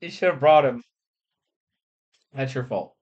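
A man's voice: mid-range voice, a little slow, darkish tone. A man reading an absurd story aloud, constantly breaking into laughter and fighting hiccups, with casual swearing, on a slightly muffled recording. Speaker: channel host reading an AI story.

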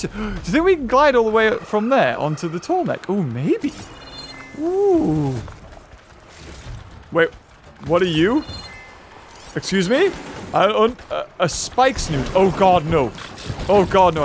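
A man giving excitable let's-play commentary, chatting to enemies with yelps and laughs. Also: high voice, measured pace, pauses often, a little hiss or hum. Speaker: gameplay commentator. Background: game music.

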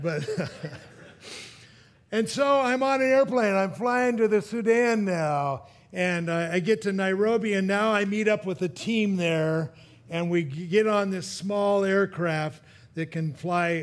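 A male preacher with a high-pitched voice, delivering a sermon through a personal story. He chuckles at his own jokes and often restarts his sentences as he goes. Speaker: pastor.

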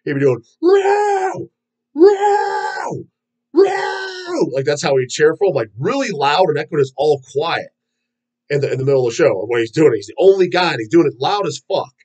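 Husky, profane man telling rambling stories. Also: fairly high pitch, expressive, quick pace, a little mellow, low-quality recording. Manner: profane, rambling storyteller with frequent fillers. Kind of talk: casual rant about metal.

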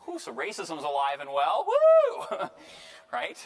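A man, a priest, giving a casual Bible lecture, lively and joking, often tagging lines with "right?" and acting out quotes. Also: fairly high pitch, measured pace. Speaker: priest teaching a Bible class. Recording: echoey hall reverb.

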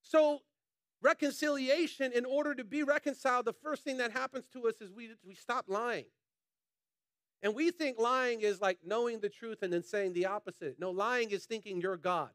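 Male pastor, high voice, passionate colloquial sermon, dry close sound. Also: a bit bright, no room sound. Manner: passionate, emphatic preaching with repetition; colloquial, addresses congregation as y'all.

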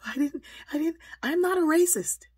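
A woman's voice: a little high, a little fast, creaky, husky, no echo, voice pushed up, exaggerated voice. A woman voicing a frazzled, defensive female schoolteacher who stammers and insists. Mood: flustered.

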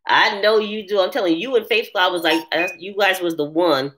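A woman hosting a casual live chat, answering viewers' comments in an animated way and laughing often. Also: fairly low pitch, a little fast, slight background noise. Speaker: live stream host.

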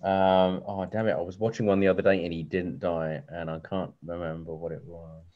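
A man's voice: low-pitched, flat delivery, a little fast. A man narrating as game master in a chatty way, full of ums and restarts, over a lo-fi video call.

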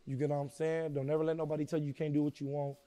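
A middle-aged man, guest on an interview, tells a personal story slowly and quietly, often saying "you know what I'm saying." His voice sits on the high side with little pitch movement.

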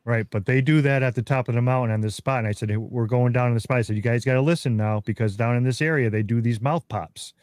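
Mid-pitched man in a dry recording. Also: fast, few pauses, a little mellow, no room sound. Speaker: guest researcher. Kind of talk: casual interview chat.

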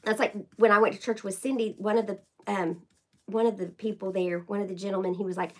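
A woman's voice: medium pitch, steady tone, quick pace, rough recording. A woman hosting a casual live craft stream, chatting to viewers by name while she paints. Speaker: craft livestream host.

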